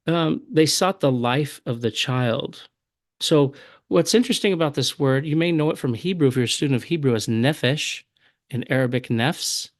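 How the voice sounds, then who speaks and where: A man teaches a recorded Bible study at an easy, patient pace, reading passages aloud before he explains them. His voice is mid-pitched and he sounds close to the mic, dry, with no room echo. He pauses now and then with small fillers as he works through his points. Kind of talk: recorded lecture.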